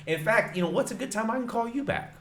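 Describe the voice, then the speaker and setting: Man putting on a chatty homeowner, pitched up high. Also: animated, fast talker, a bit bright. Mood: friendly. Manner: chatty, hesitant, friendly. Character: male homeowner fielding a sales call, easygoing. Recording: roomy echo.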